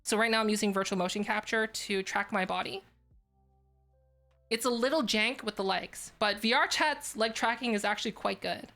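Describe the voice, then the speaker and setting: A woman's voice: medium pitch, moderate pace, sharp tone, faint music behind. A woman streaming live, chatting casually and rambling with lots of fillers. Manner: rambling, filler-heavy, restarts often.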